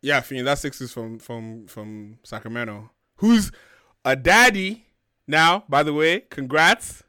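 A man's voice: medium pitch, slow, clean tone, no room sound, clean studio sound. A young man hosting a talk show, ranting bluntly and profanely in casual chat. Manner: blunt, profane, animated storytelling. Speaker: podcast host. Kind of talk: heated casual rant.

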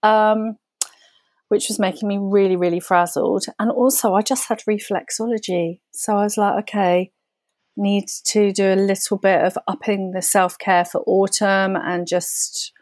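A woman's voice: medium pitch, level tone, measured pace, a little mellow, no echo, studio quality. A woman co-hosting a podcast, talking candidly and rambling with giggles. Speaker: podcast co-host. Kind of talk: casual podcast chat.

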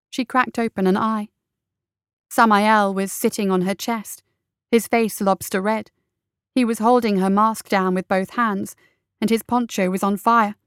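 A woman reading fantasy narration for an audiobook in a steady, measured way. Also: mid-range voice, clean tone, dry recording, studio quality.

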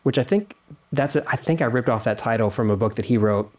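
A man's voice: mid-range voice, fast, darkish tone. A man hosting a podcast who asks questions casually, with self-deprecating asides and hesitant restarts. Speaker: podcast host.

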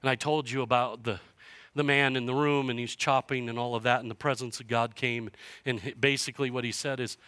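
A man preaching a sermon as pastor to his church, passionate and swinging from hushed to loud. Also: mid-range voice, fairly even intonation, a little fast, dry recording. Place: church sanctuary.

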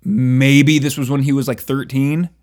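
A man in easy conversation, trailing into asides and filling gaps with "like" and "um". He laughs often as he goes. His pitch sits in an ordinary middle range. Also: level tone, a little slow, a little mellow. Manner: laughs often, many fillers and restarts. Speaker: podcast co-host. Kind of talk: casual chat.

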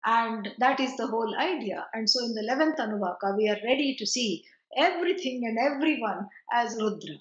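A woman teaches scripture in a chatty, digressive way, dropping asides as she goes. Her voice sits high, and the sound is roomy and somewhat dull, like a lo-fi recording of a lecture. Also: lively intonation, fairly quick. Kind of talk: spiritual lecture.

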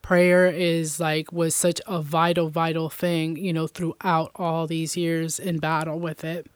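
Middle-aged woman, interview guest, earnest testimony, lowish voice, dry. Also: flat delivery, unhurried, clean tone, no echo. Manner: earnest, many fillers like "you know" and "um".

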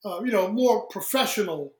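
A man with a high-pitched voice tells a story as an interview guest, slipping into other people's voices and laughing as he goes. The room around him is echoey. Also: moderate pace. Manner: animated storyteller who acts out quoted voices, laughs often. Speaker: guest, singer.

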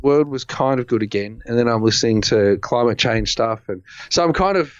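A man's voice: medium pitch, lively intonation, brisk, smooth, no echo. A man, co-hosting a podcast and telling rambling stories with exasperated humor. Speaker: podcast co-host. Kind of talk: casual storytelling chat. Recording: dry, slightly muffled recording.

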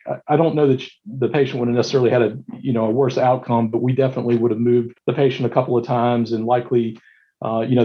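A man's voice: mid-range voice, muffled recording. A male emergency physician telling stories from his shifts, with many restarts and fillers. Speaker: emergency physician, medical director. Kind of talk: recounting stories in a panel discussion.

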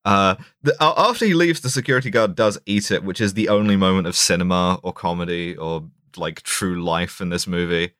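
A man's voice: low-pitched, brisk, hardly any pauses, fairly bright tone, smooth, no room sound, studio quality. A man co-hosting a podcast, riffing on a film in mock-academic irony, with many fillers and restarts. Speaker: podcast co-host. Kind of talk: casual comedic film review chat.

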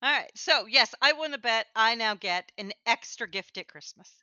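A woman co-hosting a casual chat, animated and quick to laugh, with sarcastic asides. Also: a little high, clean tone, no room sound, muffled recording. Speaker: co-host.

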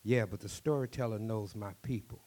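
A man voicing an African village chief, who answers in a plain, unhurried way. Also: fairly low pitch, a little mellow, close to an everyday voice. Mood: calm.

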